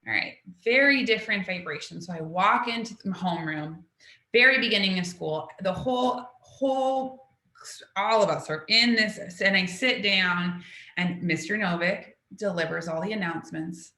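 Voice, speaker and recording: Woman telling a story at a talk, bright clear voice, does the voices of people in it, roomy echo. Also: lowish voice, moderate pace. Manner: animated storytelling, acts out the voices of people in her stories. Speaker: speaker at a talk, intuitive. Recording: echoey room.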